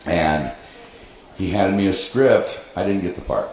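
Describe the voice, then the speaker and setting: A man telling an animated story on a convention panel, quoting people and laughing along. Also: sits low, measured pace. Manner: animated anecdote with laughs and acted-out quotes. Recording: echoey convention hall, faint noise.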